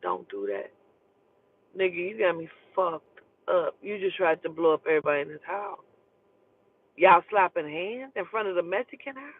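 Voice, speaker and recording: A woman's voice: fairly low pitch, normal speed, breathy edge. A woman telling a personal story in casual, profane speech, acting out the people in it as she goes. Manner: profane, animated, acts out the people in her story. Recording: tinny phone-like sound, dry.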